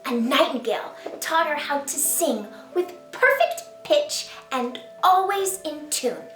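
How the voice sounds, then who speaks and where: Woman storyteller for a children's read-aloud, playful and unhurried, roomy sound with faint music under her. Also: high voice, expressive, fairly bright tone, far from the mic. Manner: slow, sing-song and playful, invites kids to join in. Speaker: children's author reading her picture book.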